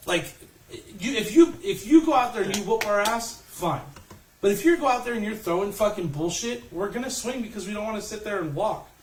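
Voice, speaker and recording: A high-pitched man rants bluntly and profanely as a podcast co-host. His voice echoes around a room, picked up from a distance with faint background noise. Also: animated, brisk. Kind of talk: casual ranting chat.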